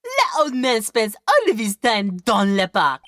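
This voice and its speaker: A woman voicing a suave older French male chef who talks slowly and smoothly and slips in French phrases. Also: a little high, wildly swooping pitch, a bit bright, dry recording, pitched above the performer's own voice, full character voice.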